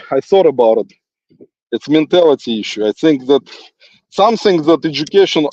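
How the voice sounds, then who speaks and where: A man's voice: medium pitch, darkish tone, no echo. A man with a non-native English accent talks in a rambling, teasing monologue while walking outdoors, often chuckling and addressing an absent critic. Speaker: livestream host. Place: outdoors in a forest. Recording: dull, lo-fi phone sound.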